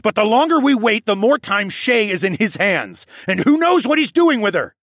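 A man voicing an enraged husband who growls and roars with a raised, husky, loud voice. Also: sits high, sing-song, normal speed, dry recording, studio quality, voice pushed up, exaggerated voice. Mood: furious. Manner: growling, raging. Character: furious husband, growling and impatient.

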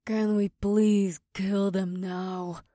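A man voicing a wary, impatient young warrior woman in a hushed, softer raised voice. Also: high voice, moderate pace, slightly rough, dry recording, clean studio sound, voice pushed up. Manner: hushed and worried.

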